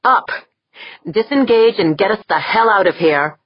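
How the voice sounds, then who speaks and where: Woman voicing a gentle, strained young man. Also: high voice, expressive, moderate pace, husky, no echo, muffled recording, pitched above the performer's own voice. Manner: tight, strained.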